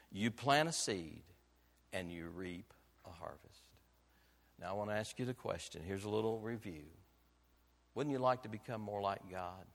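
Male pastor, mid-pitched, preaching emphatically with rhetorical questions, loud then hushed; church hall reverb. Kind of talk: sermon. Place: church sanctuary.

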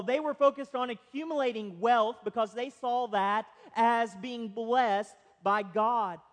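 Male pastor, very high voice, preaches with lively anecdotes, church reverb. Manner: storytelling with humorous asides, building to emphatic points. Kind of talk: sermon. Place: church sanctuary. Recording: long reverb of a church hall.

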